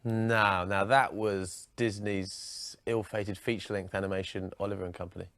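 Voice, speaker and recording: A man playing a deadpan, patient TV interviewer in a comedy sketch. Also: fairly low pitch, normal speed, no room sound, studio quality.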